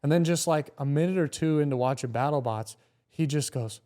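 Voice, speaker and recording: A young man, a comedian guest on a podcast, telling stories in a casual, animated way, swearing often and acting out what people said. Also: on the high side, fairly quick. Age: young adult. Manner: animated, swearing, acts out quotes.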